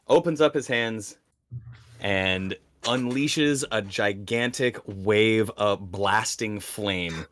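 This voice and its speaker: A man's voice: lowish voice, a bit bright, no room sound. A man playing a tabletop game, theatrically narrating his character's actions. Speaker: player.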